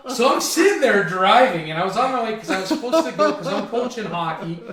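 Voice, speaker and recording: A man's voice: sits high, very animated, brisk, a crowd in the background. A man, a former goalkeeper telling stories as a guest on a casual podcast, quoting himself and his friends. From Windsor, Canada. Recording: very echoey, distant from the mic.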